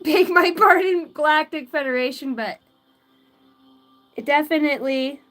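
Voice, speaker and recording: Giggly high-voiced woman reading cards. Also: measured pace, fairly bright tone, soft background music. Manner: giggly, swears freely, chatty asides to spirit guides. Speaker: tarot and oracle card reader. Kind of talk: live-stream card reading.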